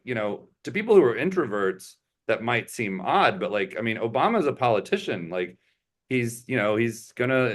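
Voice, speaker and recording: A man in his thirties, a stand-up comedian guesting on a podcast, telling stories in a rambling, chatty way full of "like". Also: medium pitch. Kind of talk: casual chat.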